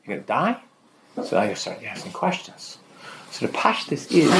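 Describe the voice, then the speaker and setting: A man delivers a Torah lecture in a high voice that leaps up and down with emphasis. He keeps asking rhetorical questions and often repeats a word before pressing on. The delivery is lively and insistent throughout. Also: vocal fry. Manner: repeats words when restarting. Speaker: Torah teacher.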